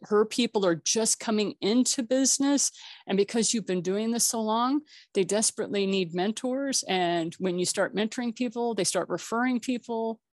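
A woman's voice: on the high side, moderate pace, dry recording, studio quality. A woman hosting a casual online networking call, chatty and jokey, laughing often. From Colorado. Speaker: host.

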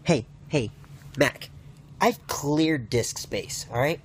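A young man filming short comedy sketches for his vlog, loud and joking, swearing often. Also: takes it slowly. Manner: loud joking, swearing, lively swings in pitch. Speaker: vlogger. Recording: noisy phone-camera audio.

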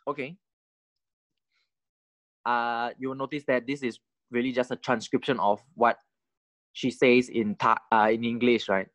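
A man's voice: medium pitch, flat delivery, a bit bright, no echo. A man giving a recorded language lecture, his voice dry and close with almost no room sound. He explains step by step and keeps stopping to check that you follow. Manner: deliberate, keeps checking in with "right?" and "correct?". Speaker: Thai language teacher.

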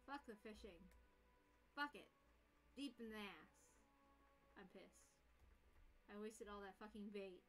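A young woman streaming a video game, chatting casually and swearing often, swinging from soft musing to frustrated yelling. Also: medium pitch, slow pace, long pauses, faint music behind. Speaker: let's play streamer. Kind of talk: casual gameplay commentary.

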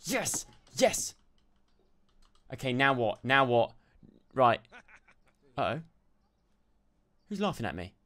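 A young man doing let's play commentary, excitable and jumpy, yelping and shouting when startled. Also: medium pitch, unhurried, long pauses. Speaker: gaming YouTuber.

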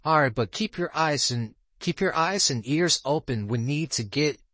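A man's voice: fairly high pitch, expressive, moderate pace, background noise, natural voice. A man voicing a stern, businesslike male federal investigator from a game, reading the lines stiffly and tripping over words.

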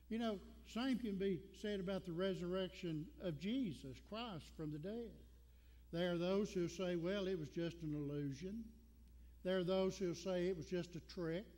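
A man's voice: high-pitched, dark tone. A man with a Southern American accent preaching a Sunday sermon as pastor, folksy and storytelling, repeating lines for emphasis. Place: church sanctuary. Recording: long church reverb.

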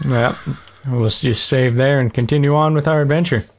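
A young man commentates a video game in a loose, brash and profane way, getting excited as he plays. His voice sits at an ordinary middle pitch for a man. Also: normal speed. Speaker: gaming channel host. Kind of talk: casual let's play commentary.

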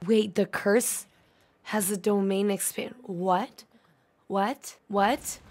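A woman's voice: mid-range voice, steady tone, slow, a little mellow. A young woman reacting live to an anime episode, gasping, swearing and pleading at the screen.

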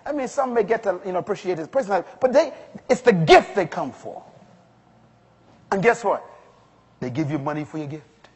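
A man's voice: sits high, lively intonation, a little fast, long pauses, breathy edge. A male pastor delivering an emphatic sermon to a congregation, rising to strong exclamations. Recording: long hall reverb.

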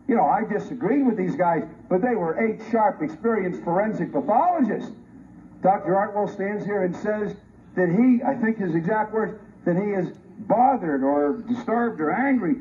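A man, a forensic pathologist, giving a combative, sarcastic, emphatic debate speech to a colleague. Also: very high voice. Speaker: forensic pathologist on a review panel. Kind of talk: heated public debate speech. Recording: muffled lo-fi archive recording with faint hiss.

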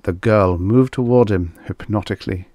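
In a clean studio recording with no room sound, a man with a lowish, slightly mellow voice reads vintage science fiction at a moderate pace. He narrates the audiobook expressively, bringing the story to life.

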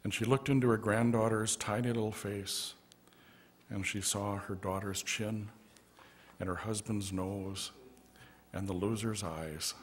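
A man preaching a storytelling sermon as pastor in a church, gently narrating with quiet asides. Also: lowish voice, steady tone, measured pace. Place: church sanctuary.

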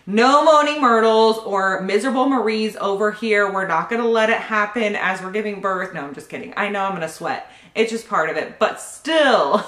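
In an echoey room, a pregnant young vlogger talks through an unboxing at normal speed with hardly any pauses, her mid-range voice a bit bright. She giggles, gushes, and laughs a lot as she opens her gifts.

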